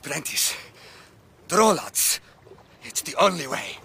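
A strained, commanding castaway who insists on order in the boat. His voice is gravelly with a bright, tense edge, and he speaks slowly and deliberately. Faint hiss from an old radio recording lies beneath. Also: on the high side, sing-song, exaggerated voice. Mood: stern. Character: stern, desperate male castaway keeping order. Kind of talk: vintage radio drama acting.

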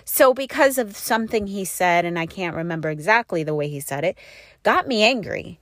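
A woman's voice: mid-range voice, animated, normal speed, dry recording, studio quality. A woman sharing a personal story in a candid, rambling way, often laughing, with frequent fillers and self-corrections.

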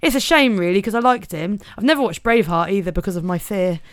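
A woman's voice: mid-range voice, lively intonation, fast talker. A woman co-hosting a comedy podcast, reading a news story aloud with giggly, sardonic asides into a close mic. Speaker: podcast co-host.

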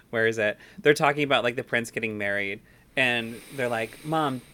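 A man's voice: mid-range voice, normal speed, bright, forceful tone, slight background noise. A man co-hosting a podcast who gushes in a casual chat and laughs between lines. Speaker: podcast co-host.

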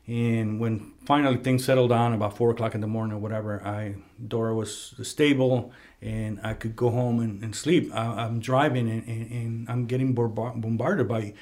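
Guy hosting a chat, storytelling, mid pitch, sitting in a conference room. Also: moderate pace. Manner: storytelling, animated when quoting people. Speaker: podcast host. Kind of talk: casual conversation. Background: heater running.

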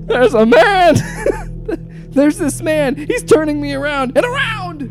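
A frightened little girl pleads and whimpers in a high, swooping voice, with breathless, childlike cries for help, as a woman puts her on. The voice is pitched well above the performer's own and is read aloud on a podcast, with music playing behind. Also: lively intonation, measured pace. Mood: terrified. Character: terrified five-year-old girl, pleading and whimpering.

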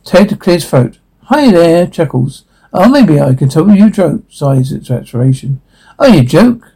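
A man reads a cartoon script aloud with a somewhat high, mellow voice and a gravelly edge. He hops between character voices and reads the stage directions too. His reading stumbles, with frequent restarts. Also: sing-song, unhurried, rough recording. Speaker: script reader.

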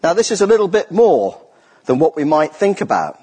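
Husky, higher-voiced preacher man in an echoey hall. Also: sing-song, a little fast, mellow. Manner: earnest, emphatic, repeats key phrases. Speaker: lay preacher. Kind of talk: sermon. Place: church. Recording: echoey church hall with long reverb.

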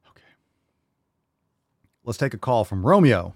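A man's voice: low voice, expressive, brisk, creaky, long pauses, noisy background. Hyped, profane man hosting a Q&A. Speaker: host. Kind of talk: live Q&A show.

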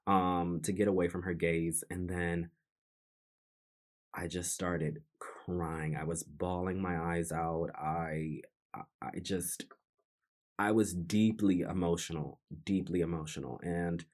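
Deep-voiced man telling a personal story. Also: a little mellow. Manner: earnest, reflective, with frequent restarts and repeated phrases. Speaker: podcast host.

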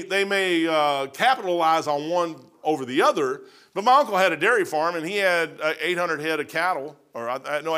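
Folksy preacher, loud bursts. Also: male voice, fairly high pitch. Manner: folksy, animated preaching with sudden loud bursts and quiet asides. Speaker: pastor. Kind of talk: sermon.

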